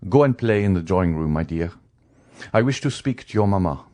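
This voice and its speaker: Low-voiced guy doing a cold stern judge, clipped and bossy. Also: animated, a little fast, dark tone. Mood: imperious. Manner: curt, imperious. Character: stern cold male magistrate, gloomy. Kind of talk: audiobook character reading.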